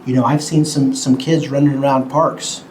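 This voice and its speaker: A man teaching a Bible lesson to children at home, talking slowly and simply, a bit cartoonish, and asking the kids questions. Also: mid-range voice, little pitch movement, darkish tone, slight background noise, poor audio.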